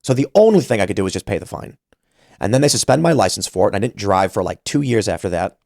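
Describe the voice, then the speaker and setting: A man in his thirties hosts a podcast, telling a story in a casual, animated way and acting out the voices of the people he quotes. His voice sits on the low side, expressive and a little mellow, with vocal fry and a fast delivery. The recording is clean studio sound with no room sound.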